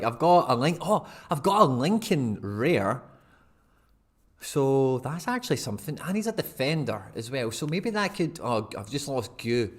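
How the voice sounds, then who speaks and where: A young man chats loosely on a live stream, wandering from thought to thought and chuckling at his own asides. His voice sits at an everyday middle pitch, easygoing and conversational. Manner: rambling, chatty, laughs at himself. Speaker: fantasy football streamer. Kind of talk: casual live-stream commentary.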